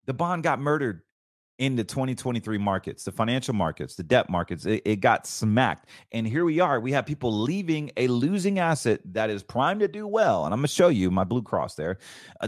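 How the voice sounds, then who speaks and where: Talking markets and faith on his own show, this host is fervent, preachy, and rambling, frequently starting over, in the style of casual financial commentary. His medium-pitched voice is very animated at a normal speed, and the studio-quality audio has no echo.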